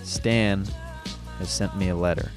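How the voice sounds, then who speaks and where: A man's voice: sits low, fairly even intonation, a little slow, over music. A man hosting his podcast in a casual, rambling, upbeat way, laughing often. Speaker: podcast host. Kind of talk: casual solo podcast chat.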